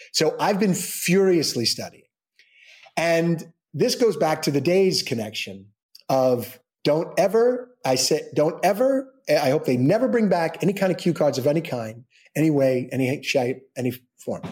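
A middle-aged man, an actor, telling backstage stories in a lively way and acting out the quotes. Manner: lively storyteller acting out quotes with big pitch jumps. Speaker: actor and guest. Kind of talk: animated anecdote-telling.

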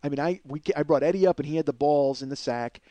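A man telling a story as podcast host in an animated, profane, energetic way. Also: on the high side, fast, dry recording.

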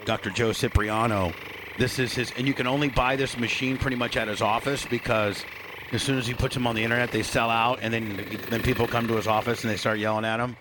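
A man's voice: medium pitch, fairly even intonation, fast talker, noisy background. A man hosting a casual show, teasing a guest and joking while talking in restarts and asides. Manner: teasing, rambling with many restarts. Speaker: show host.

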